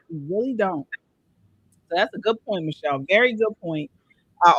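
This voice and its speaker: Earnest woman host with lively pitch. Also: no room sound. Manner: earnest, many restarts and repeated words. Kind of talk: casual commentary chat.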